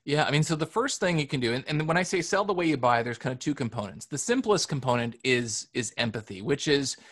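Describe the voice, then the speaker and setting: A man from Canada, a sales author, answering interview questions in an energetic, explanatory way with rhetorical questions. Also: mid-range voice, fast.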